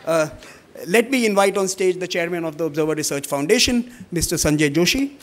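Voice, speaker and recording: A middle-aged man giving formal welcome remarks at a conference, measured, with many fillers when he speaks off the cuff. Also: high voice, expressive, a little hiss or hum. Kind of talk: formal welcome speech, partly read, partly ad-libbed.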